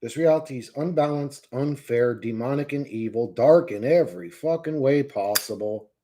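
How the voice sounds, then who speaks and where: Speaking at normal speed in a dark, mid-range voice, this man hosts a live stream over slight background noise. His profane rant is heated and mocking, aimed directly at viewers, and he banters with the chat.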